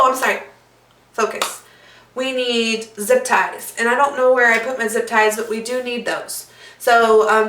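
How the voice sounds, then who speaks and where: A woman's voice: medium pitch, sharp tone, slight background noise. A woman hosting a casual craft tutorial, chatty and bubbly, with lots of fillers and asides. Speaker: craft video host. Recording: echoey room, mic at a distance.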